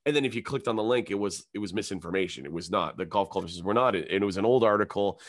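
This young adult man talks in a fairly low voice, loose and profane, in easy podcast banter. He keeps leaping up into shrill mocking voices whenever he quotes someone. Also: quick pace. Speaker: comedian, podcast co-host. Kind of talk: casual podcast chat.

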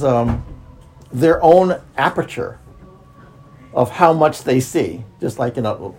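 A man with a somewhat high, gravelly voice gives an unscripted spiritual talk as a teacher. He circles back on his words, restarts phrases and stretches some words out. Soft music plays faintly behind him. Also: poor audio. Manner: repetitive, with frequent restarts and drawn-out words.

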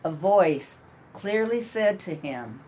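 A woman narrating a story in an amateur radio drama, reading in a measured way. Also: lowish voice, expressive, darkish tone, husky, poor audio.

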